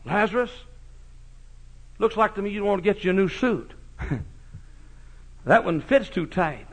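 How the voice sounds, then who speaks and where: A man preaching a sermon, folksy and mocking, swinging from shouts to hushed asides. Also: high-pitched, moderate pace. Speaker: pastor.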